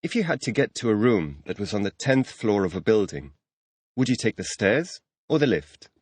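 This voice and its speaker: A man's voice: fairly low pitch, very animated, normal speed, a little mellow, husky, no room sound. A man reading the teacher's questions in a scripted audio language lesson, announcing new words between questions.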